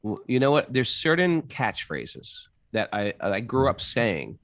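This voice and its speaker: A man talks about yoga and scripture with animated energy, leaping into high mock voices for catchphrases. His voice has a gravelly edge. The recording is dry and close, with no room sound. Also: measured pace, no room sound. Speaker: podcast co-host reading scripture. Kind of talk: animated spiritual discussion.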